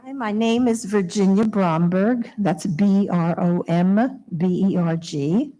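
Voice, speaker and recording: A woman's voice: medium pitch, takes it slowly, dark tone, rough recording. Woman, 70s, Long Island resident; earnest, emotional public comment at a podium mic in a town meeting room. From Long Island, New York. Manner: emotional, heartfelt pleading with nervous laughs. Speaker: resident speaking at public hearing. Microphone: podium microphone.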